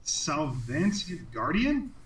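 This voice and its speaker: A man's voice: a little high, big pitch swings, slow, noisy background. A man playing a tabletop game, eager and joking in character. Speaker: player.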